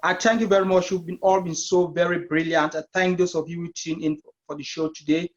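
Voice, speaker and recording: A man's voice: fairly high pitch, fairly even intonation, brisk. A man hosting a discussion show, earnest as he asks questions and wraps up. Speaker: talk show host. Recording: dull lo-fi sound.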